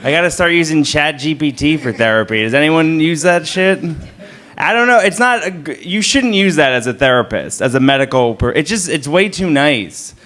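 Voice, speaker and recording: A man in his thirties doing a stand-up comedy set in a club, with a self-deprecating, deadpan delivery. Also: fairly high pitch, normal speed. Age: 30s. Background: audience laughter.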